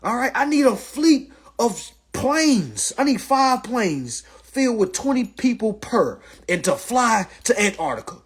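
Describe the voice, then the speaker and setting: A man holds forth on a phone livestream, loose and profane. His voice sits high and swings widely in pitch, with a husky edge. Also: a little slow, hardly any pauses. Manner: animated, profane, mimics others' voices. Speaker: livestream host. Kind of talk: casual livestream rant.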